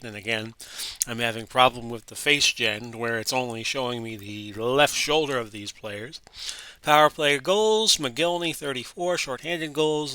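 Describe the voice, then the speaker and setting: Bright-voiced Florida man reading stats. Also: mid-range voice, no room sound. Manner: chatty, reading off stats with self-corrections. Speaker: host of sports simulation channel. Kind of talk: casual play-by-play of a simulation game.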